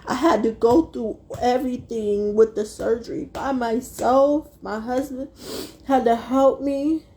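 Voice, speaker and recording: A young adult woman telling a personal story to her viewers, fighting back tears and speaking haltingly. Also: fairly high pitch, steady tone, warm tone. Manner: tearful, halting, addresses viewers as y'all. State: close to tears. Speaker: vlogger.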